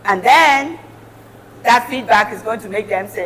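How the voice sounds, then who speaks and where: A woman's voice: a little high, lively intonation, measured pace, slight background noise. A middle-aged woman giving an earnest, encouraging motivational talk as a guest speaker. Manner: earnest, encouraging, warm advice. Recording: reverberant hall.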